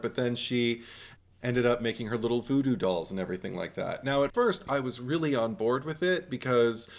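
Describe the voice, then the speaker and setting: An American man co-hosting a podcast, chatting casually and animatedly, breaking into laughter and high-pitched mimicry. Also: lively intonation, a little fast. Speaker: podcast co-host. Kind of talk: casual chat.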